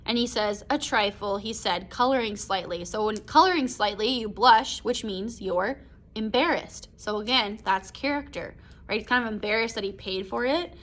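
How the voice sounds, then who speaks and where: A woman's voice: medium pitch, normal speed, fairly bright tone. A young woman teacher walking a class through a short story in a chatty, casual way, full of "like" and "right?". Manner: chatty, explains with lots of "like" and "right?". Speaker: English teacher. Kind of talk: casual recorded class lesson.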